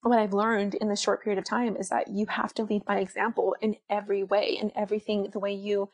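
A mother chatting casually about parenting, animated, laughing often and acting out little quotes. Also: mid-range voice, brisk.

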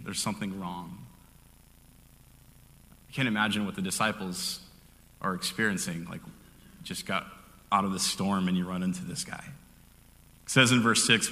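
A man's voice: fairly low pitch, sharp tone. A man preaching a casual, conversational sermon, telling the story with lots of fillers and restarts. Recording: hall with long reverb.

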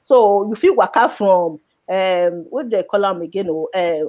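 A woman's voice: mid-range voice, a little slow, darkish tone, dull audio. A woman from Nigeria speaking with a Nigerian Pidgin accent, telling her life story in an interview in an emotional way and repeating words for emphasis. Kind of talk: personal life story in conversation.

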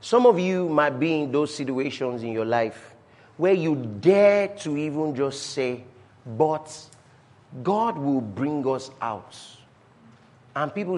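A pastor preaching to his church, a man with a fairly high voice. He hammers home repeated lines and swings between loud declarations and soft, low asides. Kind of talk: sermon.

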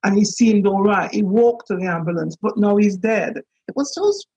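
Husky-voiced woman minister, halting and earnest. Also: mid-range voice, mellow, lo-fi sound. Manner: earnest, halting, with many pauses and restarts. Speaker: minister and priest. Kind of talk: reflective personal testimony.

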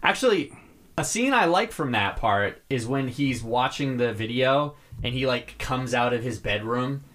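A man co-hosting a casual podcast, recapping a film in a rambling, profane way with halting restarts. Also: medium pitch, lively intonation, fairly bright tone. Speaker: podcast co-host.

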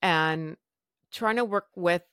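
Blunt, low-voiced woman telling her story. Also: slow pace, a bit bright, clear, resonant tone, dry recording, clean studio sound. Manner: blunt, swearing, acts out quoted people. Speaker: podcast host. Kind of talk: candid personal storytelling.

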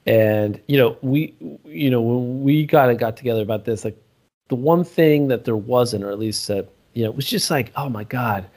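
A man's voice: medium pitch, normal speed, a little mellow. Rambling man podcast co-host. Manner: rambling, swears, trails off and restarts. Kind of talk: casual podcast chat.

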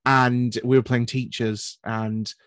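A man's voice: medium pitch, little pitch movement, slow, a bit bright, dry recording. A young man hosting a podcast, chatting loosely with lots of "like" and "um". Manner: chatty, loose, full of fillers. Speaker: podcast host. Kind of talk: casual interview chat.

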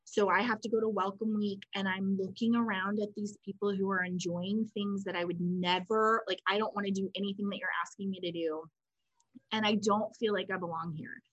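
A woman's voice: mid-range voice, fairly quick, dry recording, dull audio. Chatty woman co-host, dry close sound. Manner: chatty, animated storytelling with quoted voices. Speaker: podcast co-host. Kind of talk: casual conversational explanation.

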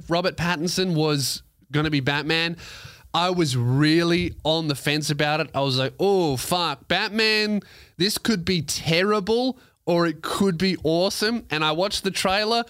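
A man's voice: a little high, a bit bright, no echo. A young man hosting a podcast on his own, chatting casually into a close mic with rambling asides and frequent swearing. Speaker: podcast host. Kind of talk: casual solo podcast chat.

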